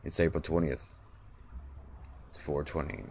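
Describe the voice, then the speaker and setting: A man, hoarse and congested from being sick, rambling reflectively in a late-night solo podcast. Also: a bass voice, flat delivery, a little slow, a little hiss or hum. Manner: rambling, reflective, many fillers. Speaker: podcast host.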